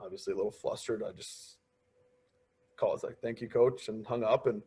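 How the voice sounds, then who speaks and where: A man's voice: on the low side, normal speed, slightly rough. Young man telling stories on a podcast. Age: 20s. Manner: storytelling, quoting others in lively asides. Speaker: podcast guest, pro hockey player. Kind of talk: casual interview chat.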